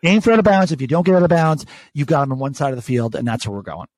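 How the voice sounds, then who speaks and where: A man's voice: on the high side, very fast, no room sound. A man co-hosting a casual sports podcast, telling stories about his bets with lots of swearing. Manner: animated, swearing, storytelling. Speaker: podcast co-host.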